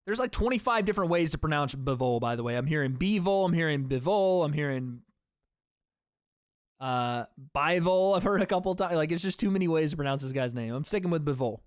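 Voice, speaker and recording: Calling a fight for his stream, this man talks quickly with lively intonation in a fairly high, smooth voice. His casual play-by-play is chatty and keeps turning to the audience as "guys," heard in dry, close sound without echo.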